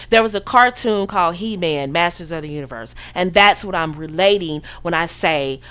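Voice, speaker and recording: A woman's voice: fairly low pitch, a bit bright. A woman from the United States hosting a podcast, giving casual dating advice in a preachy, sassy way and acting out her listeners' voices. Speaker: podcast host.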